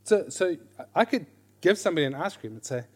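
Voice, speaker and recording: A middle-aged man teaching a class on reading scripture. He is lively, questions his listeners, and repeats his key phrases. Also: a little high, a little fast, husky. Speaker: Bible teacher.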